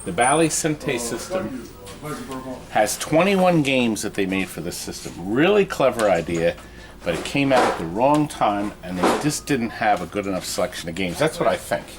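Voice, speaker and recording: A man's voice: fairly low pitch, very animated, moderate pace, heavy background noise. Chatty man showing off arcade games. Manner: chatty, enthusiastic, reads aloud and jokes. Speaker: co-host of an arcade restoration show. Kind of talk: casual on-camera show and tell. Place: amusement game shop or warehouse.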